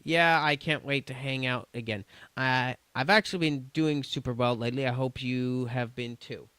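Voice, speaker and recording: A man's voice: medium pitch, fairly even intonation, moderate pace, a bit bright, clear, resonant tone, no room sound. A man streaming, reading chat messages aloud in a casual, stumbling way with restarts and swearing.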